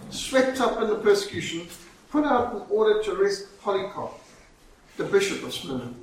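Male preacher, dramatic storytelling, high voice, very echoey room. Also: a little hiss or hum. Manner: dramatic storytelling, slowing for emphasis. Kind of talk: sermon. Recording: very echoey, from far off, faint ambience.

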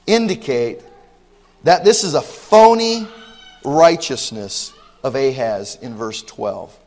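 A man preaching a sermon with emphatic outbursts and low asides, often repeating words as he restarts. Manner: emphatic, swings between loud exclamations and low asides. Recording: long hall reverb.

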